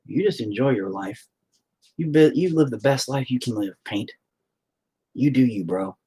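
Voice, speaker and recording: A husky-voiced man chats while he paints at home, rambling and sarcastic with a lot of swearing. His pitch swings widely as he jokes at his own expense. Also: dark tone. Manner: rambling, sarcastic, self-mocking and profane. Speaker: painting livestream host. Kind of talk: casual chat while painting.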